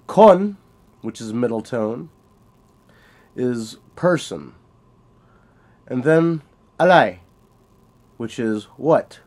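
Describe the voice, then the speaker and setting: A man giving a spoken language lesson, slowly sounding out example phrases and repeating them for the learner. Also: mid-range voice, darkish tone. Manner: slow, deliberate, repeats example phrases with emphasis. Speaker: language teacher. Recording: home-made audio lesson.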